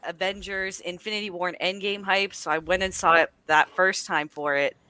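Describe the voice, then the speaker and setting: Bright-voiced deadpan podcast guest. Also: medium pitch, moderate pace, clean tone. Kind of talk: casual group chat.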